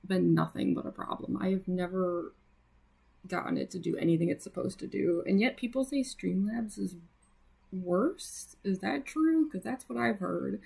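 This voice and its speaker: A young woman livestreams while drawing, chatting casually with viewers and filling her talk with fillers and small laughs. Her voice is on the low side, gravelly and slightly rough, with a darkish tone.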